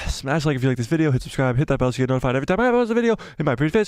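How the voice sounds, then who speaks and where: A man hosting a casual live stream, giddy and jokey, repeating himself in excitement and losing his voice. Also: a little high, very fast, no room sound, studio quality. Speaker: livestream host.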